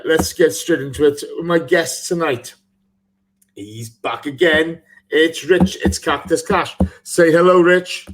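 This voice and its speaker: A man's voice: a little high, slight background noise. Chatty man hosting a podcast. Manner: chatty, laughs often, reads out listener messages. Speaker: podcast host. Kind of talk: casual live football podcast chat.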